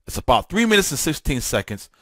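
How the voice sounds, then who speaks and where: A man's voice: on the high side, sing-song, fast, pushed and bright, dry recording, studio quality. A man hosting a political talk show, delivering a fiery, emphatic solo monologue full of repetition and stammered restarts.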